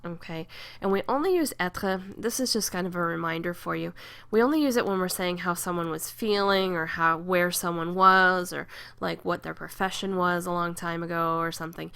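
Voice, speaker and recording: Low gravelly woman teaching grammar. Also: fairly bright tone. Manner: patient, explanatory, drills conjugations slowly. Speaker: French teacher. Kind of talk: classroom grammar lesson.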